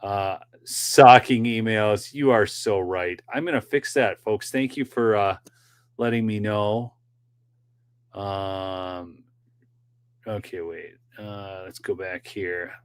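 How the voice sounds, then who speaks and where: A man's voice: fairly low pitch, slow pace, clear, resonant tone. A man hosting a political commentary livestream, chatting directly with his viewers in a loose, rambling way with many fillers. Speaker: political commentary show host.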